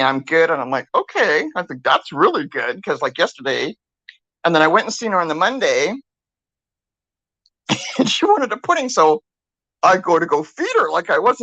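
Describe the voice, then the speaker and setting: An older woman co-hosting a talk show, telling a story in a chatty, animated way, acting out what others said and swearing freely. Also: deep voice, no room sound, highs cut off. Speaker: podcast co-host. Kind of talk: casual storytelling.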